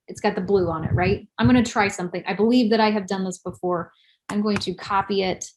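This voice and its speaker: A woman presenting a live screen-share webinar tutorial. Her voice sits at a middle pitch. She is chatty and self-deprecating and thinks aloud as she works through each step on a computer microphone. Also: slight background noise, poor audio.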